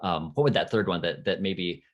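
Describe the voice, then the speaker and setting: A male interviewer with a notably low voice. He works through his thoughts slowly, pausing and restarting as he reflects aloud before putting his questions. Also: lo-fi sound. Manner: hesitant, many fillers and restarts, reflective.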